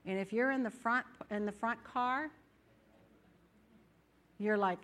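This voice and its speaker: Bright, lively woman preaching. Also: a little high, takes it slowly. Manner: animated, acts out inner voices. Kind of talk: sermon. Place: church.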